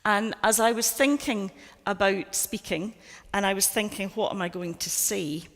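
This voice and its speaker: A Scottish woman in her sixties delivers a keynote in a large auditorium. Her voice sits at a medium pitch, and her talk is chatty, with wry, self-deprecating asides. The sound carries the long reverb of a big hall. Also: moderate pace. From Scotland. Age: 60s. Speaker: keynote speaker. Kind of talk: conference keynote address.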